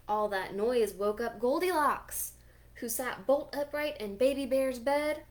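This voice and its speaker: A woman librarian reading a picture book aloud for children at storytime, animated, gasping and asking listeners questions. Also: on the high side, measured pace.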